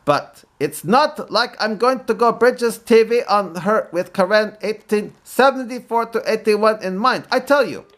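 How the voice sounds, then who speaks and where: A man's voice: sits high, measured pace, few pauses, fairly bright tone. A man voicing a put-upon male stand-up comedian in a mock Arabic accent, firing off jokes and repeating complaints. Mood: self-pitying. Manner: punchline delivery, catchphrase complaints.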